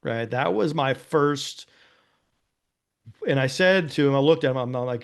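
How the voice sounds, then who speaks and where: A man's voice: medium pitch, moderate pace. A man, a former police officer, guesting on an interview and telling a personal story in an earnest, casual way, often adding "you know" and "right?". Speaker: interview guest, nonprofit founder.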